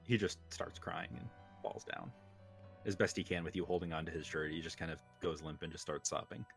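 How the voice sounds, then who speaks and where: Male game master, very deep voice, hesitant narration, light music bed. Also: a little fast, gravelly. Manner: hesitant, with frequent ums.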